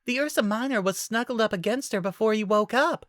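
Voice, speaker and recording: Fluttershy, a narrator doing a sweet soft druid. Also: mid-range voice, a little fast, no echo, studio quality, voice pushed up, natural voice. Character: timid gentle young woman druid.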